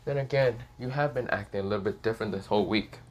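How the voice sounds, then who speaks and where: A man's voice: fairly low pitch, fast, a little hiss or hum, close to an everyday voice. A man putting on a teasing teenage schoolgirl. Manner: playful, cheeky, girly.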